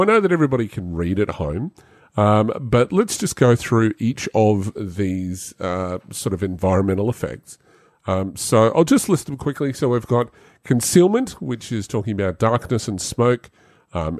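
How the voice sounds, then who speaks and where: Lively podcast host man. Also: dry recording, studio quality. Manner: animated, jumps high for jokes. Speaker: game master podcast host. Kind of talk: casual podcast chat.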